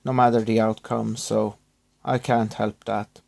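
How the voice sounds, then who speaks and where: Male vlogger, subdued and halting, recovering from illness, apologetic in tone. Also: fairly low pitch, flat delivery, vocal fry, a little mellow. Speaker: YouTuber thanking subscribers. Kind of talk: rambling personal vlog.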